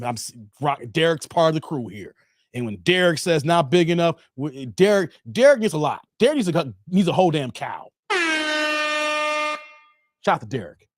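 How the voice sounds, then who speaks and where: A man hosting a livestream, reacting to a clip with laughing, animated commentary and thanking viewers for donations. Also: on the high side, dry recording, clean studio sound. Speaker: channel host reacting to a clip.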